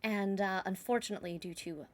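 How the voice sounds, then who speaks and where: A woman voicing a poised young female vampire debutante, formal, polite and soft-spoken. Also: medium pitch, a little fast, close to an everyday voice.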